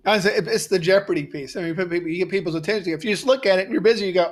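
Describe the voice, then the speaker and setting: A man's voice: high-pitched, racing. A man co-hosting a salon business show, giving practical casual advice and thinking aloud as he goes.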